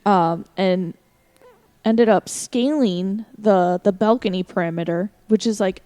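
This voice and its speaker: A young woman co-hosting a podcast, telling stories in an animated, casual way and swearing often. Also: mid-range voice, unhurried, no echo. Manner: animated, profane storytelling. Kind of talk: casual chat.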